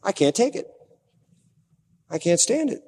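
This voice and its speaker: A man voicing an angry, sulking male prophet who complains in a high, strained voice. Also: big pitch swings, a little slow, creaky, warm tone, heavily acted. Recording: long hall reverb.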